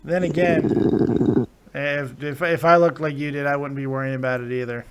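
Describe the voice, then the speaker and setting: A man's voice: a little high, steady tone, moderate pace, pauses often, clean tone. Tired, profane male stream host. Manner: profane, laughing, reading chat comments aloud. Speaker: live-stream show host. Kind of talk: casual live reaction commentary.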